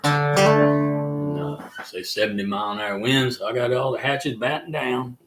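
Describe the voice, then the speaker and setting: An older man with a Southern accent from the North Carolina mountains, hosting a casual live chat in a folksy, rambling way with drawn-out fillers. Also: fairly low pitch. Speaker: livestream host and musician.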